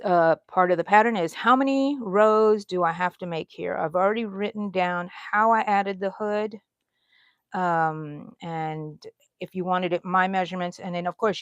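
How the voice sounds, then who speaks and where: A woman's voice: fairly low pitch, dry recording, muffled recording. A middle-aged woman hosting a live crochet stream from home, chatting with viewers and yawning now and then. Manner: chatty, reads out viewer comments, yawns often. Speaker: crochet livestream host. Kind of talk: casual live chat while crocheting.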